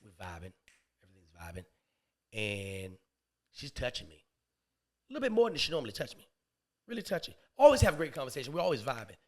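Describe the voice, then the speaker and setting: A man guest on a podcast telling a comedic story, slangy and profane, dropping to low murmurs and then bursting out loud. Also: fast talker, pauses often. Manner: animated, swings between low murmurs and loud outbursts.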